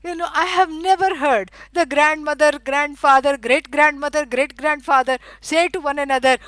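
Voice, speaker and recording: A middle-aged woman teaching a scripture lecture. She explains at length, fills pauses with "you know" and stresses words for emphasis. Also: sits high, animated, a bit bright, no echo, rough recording. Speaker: Vedanta teacher.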